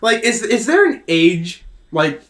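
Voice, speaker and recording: A man's voice: high-pitched, big pitch swings, takes it slowly, echoey room. A man co-hosting a podcast, chatting casually in a jokey, rambling way and laughing often. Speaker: podcast co-host. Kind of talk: casual comedic chat.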